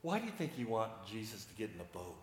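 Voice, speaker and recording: A male preacher giving a sermon, telling the scene in an animated way and acting out its people. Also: fairly low pitch, quick pace, slight background noise. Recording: echoey room.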